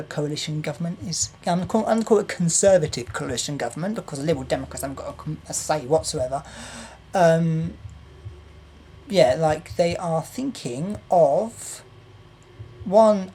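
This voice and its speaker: Young woman, lowish voice, heated vlog rant that keeps circling back to the same complaint. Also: dark tone, slight background noise. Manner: exasperated, repetitive, swearing. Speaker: vlogger. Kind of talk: political rant to camera.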